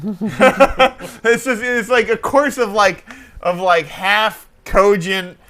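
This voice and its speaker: Talk show host guy, bright voice, rambles a lot, lots of likes and restarts. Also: high voice, takes it slowly. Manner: rambling, hesitant, animated storytelling. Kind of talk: casual chat.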